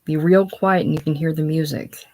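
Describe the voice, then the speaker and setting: Jim, a calm, steadying young man, as a reader voices him. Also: medium pitch, normal speed, lightly acted. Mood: soothing. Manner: firm, soothing.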